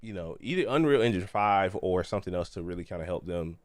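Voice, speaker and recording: A man's voice: low voice, animated, fast talker, no echo. A man co-hosting a casual gaming podcast, a little congested, asking questions in a laid-back way. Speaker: podcast co-host.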